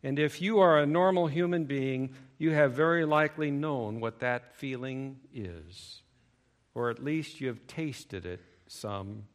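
A male preacher giving a sermon, emphatic, swinging between loud stressed phrases and low asides. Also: a little slow.

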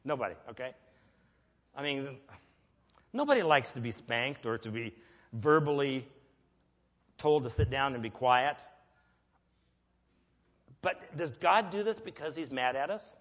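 A man's voice: mid-range voice, expressive, normal speed, long pauses, fairly bright tone. A man preaching a sermon in a conversational way, asking the audience questions and acting out grumbling prayers. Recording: long reverb, dull lo-fi sound.

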